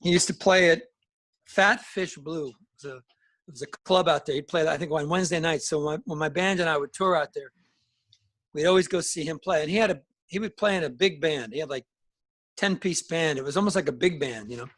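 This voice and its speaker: Speaking briskly with a fairly high pitch and a fairly bright tone, this middle-aged musician guest rambles through anecdotes in a relaxed interview, imitating the voices of those he quotes. His roots are in northern New Jersey and Alabama.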